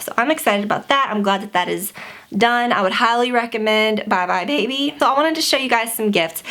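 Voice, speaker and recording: A woman's voice: a little high, fairly bright tone. Young woman, pregnant, casual vlog, gushing, lots of fillers, emotional. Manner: chatty, gushing, many fillers. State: pregnant, near tears. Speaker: beauty vlogger.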